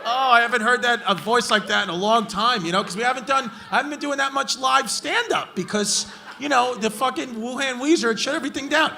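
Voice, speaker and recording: A man's voice: extremely high pitch, brisk, vocal fry, pushed and bright. A man doing crowd work as a stand-up comedian, brash and profane as he mocks hecklers in a large club. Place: large comedy club before a live audience. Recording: live club recording with crowd noise. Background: crowd laughing.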